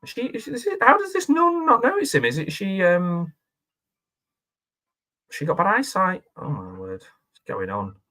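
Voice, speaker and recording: A man's voice: high-pitched, sing-song, moderate pace, long pauses, bright, forceful tone. A man giving casual, rambling reaction commentary on a film, chatting and laughing as he goes. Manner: chatty and rambling, with frequent laughs and self-questioning asides.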